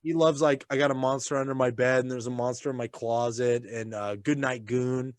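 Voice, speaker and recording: A man's voice: mid-range voice, fairly even intonation, fairly quick, no echo. A man co-hosting a casual chat. He talks animatedly, swears freely and laughs often. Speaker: podcast co-host and father.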